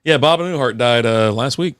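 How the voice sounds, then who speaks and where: A man with a mid-range voice co-hosts a laid-back podcast. He talks bluntly and swears freely, and he is quick to joke. His voice sounds close and dry. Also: medium pitch, fairly bright tone, dry recording. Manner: blunt and profane, quick with jokes. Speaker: podcast co-host. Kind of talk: casual chat.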